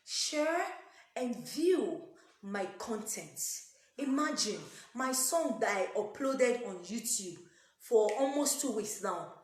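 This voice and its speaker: Animated Nigerian woman pleading with viewers. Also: a little high. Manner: emphatic and repetitive, switching into pidgin. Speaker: YouTube content creator. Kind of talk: pleading appeal to viewers, prayer-like blessings. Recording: echoey room.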